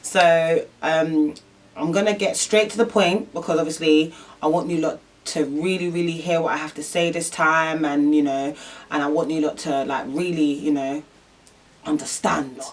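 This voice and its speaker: A woman's voice: low voice, fairly even intonation, moderate pace, distant mic. Young woman telling a story. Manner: rambling, emotional storytelling full of fillers. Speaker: vlogger. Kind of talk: storytime vlog.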